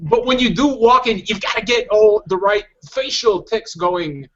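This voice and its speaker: Tipsy podcast guest, man, high voice, loose rambling banter, lo-fi recording. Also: moderate pace, a crowd in the background. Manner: rambling, joking, curses freely. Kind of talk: casual chat with impressions. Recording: dull lo-fi sound.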